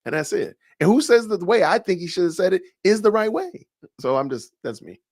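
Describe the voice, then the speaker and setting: A man's voice: high voice, very animated, brisk, a little mellow, dry recording, studio quality. A man with a Southern US accent hosting a podcast livestream, talking in a chatty, rambling way that often doubles back on itself. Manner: chatty, rambling, self-correcting. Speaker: podcast host. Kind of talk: casual livestream talk.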